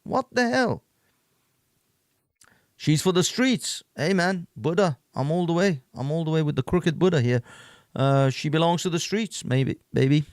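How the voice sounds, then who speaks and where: A man with a slightly high, slightly mellow voice hosts an online stream at a normal speed, reacting to clips in a loose, rambling rant packed with repeats and laughter. It's casual ranting commentary, recorded at studio quality with no room sound.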